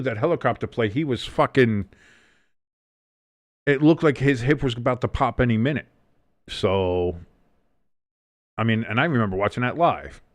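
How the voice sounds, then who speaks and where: A man with a medium-pitched voice, recorded dry, hosts a live football watch-along. He calls the plays, reads the chat and talks casually with viewers, swearing freely throughout his commentary.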